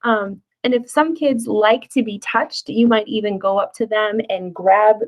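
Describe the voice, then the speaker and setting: A woman's voice: medium pitch, fairly even intonation, a little slow, poor audio. Woman presenting a casual parenting workshop. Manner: friendly, conversational, with fillers and acted-out asides. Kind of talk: casual spoken workshop lesson.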